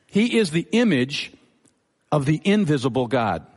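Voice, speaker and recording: A pastor preaching a sermon in a measured, teaching manner, repeating his key phrases for emphasis. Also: a little high, sing-song, a little mellow, slightly rough. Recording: long hall reverb.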